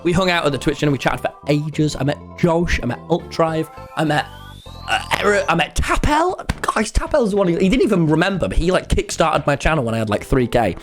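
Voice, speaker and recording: Excitable man streaming. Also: on the high side, fast, soft background music. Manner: excitable and rambling, with many restarts. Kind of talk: casual storytelling to a live chat.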